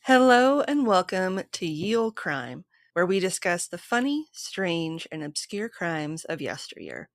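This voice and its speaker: A woman's voice: fairly low pitch, sing-song, unhurried, few pauses. A woman hosting a podcast, steadily reading from a script and long lists of sources. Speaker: podcast host.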